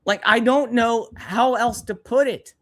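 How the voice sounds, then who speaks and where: A man's voice: extremely high pitch, measured pace. A young man hosting a live stream, ranting angrily and bluntly with plenty of swearing. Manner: angry, profane, blunt ranting.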